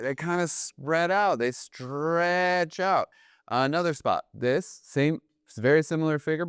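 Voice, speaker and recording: A man teaching jazz drumming in a relaxed, explanatory way, often checking in with "right?". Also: fairly high pitch. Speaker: drum teacher. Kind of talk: casual instructional talk.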